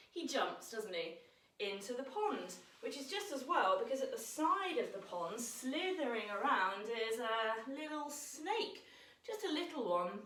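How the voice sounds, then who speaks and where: A woman leading a children's yoga lesson, gentle and encouraging, telling a playful story as she guides the moves. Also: fairly high pitch, echoey room, recorded from a distance, rough recording.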